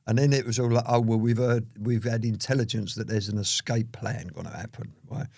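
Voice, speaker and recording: A lowish, gravelly male voice, recorded close and dry. He rambles through his story, leaning on "you know" again and again in casual interview talk. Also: fairly even intonation, fairly quick, a little mellow, dry recording. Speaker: interview guest.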